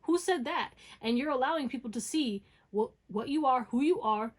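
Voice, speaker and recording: A woman's voice: on the high side, brisk. A woman giving a pick-a-card tarot reading in a casual, blunt way. She often tags lines with "okay?" and swears freely.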